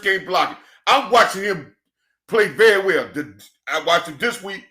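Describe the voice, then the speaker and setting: A man in a passionate, preachy football rant, swinging between shouting and quiet emotion, calling his listeners "church". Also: sits high, expressive, moderate pace. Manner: preachy, emphatic, calls audience "church". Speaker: football commentator. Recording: echoey room.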